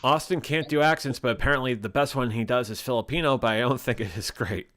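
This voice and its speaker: A man's voice: medium pitch, fast talker, background noise. Guy hosting a stream, reads chat comments, joking around, regular middle voice. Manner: jokey, reads out viewer comments. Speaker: host. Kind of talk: casual live-stream chat.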